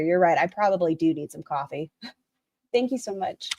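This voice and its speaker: A woman's voice: fairly low pitch, animated, moderate pace, a little mellow, no echo, clean studio sound. A woman hosting a livestream, reading out a written statement and viewers' chat messages and commenting on them bluntly, swearing casually. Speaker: livestream host.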